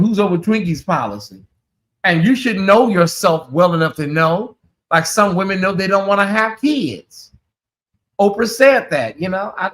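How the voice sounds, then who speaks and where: A man's voice: high-pitched, a bit bright. A man hosting a casual livestream chat, sassy and chatty, calling his listeners honey and y'all. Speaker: channel host.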